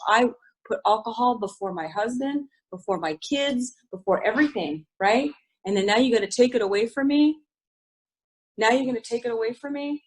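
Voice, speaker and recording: On a low-quality recording, a middle-aged woman with a medium-pitched voice gives a candid share at a recovery group. She's frank and confessional, swears freely, and keeps restarting her sentences.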